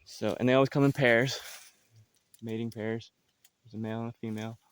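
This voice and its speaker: Man, smooth clear voice, relaxed and meandering tour-guide talk, outdoors. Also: medium pitch, fairly quick, no echo. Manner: loose and meandering, with many fillers and restarts. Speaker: farmer giving a farm tour. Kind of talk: casual walking tour narration. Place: outdoors on a jungle farm.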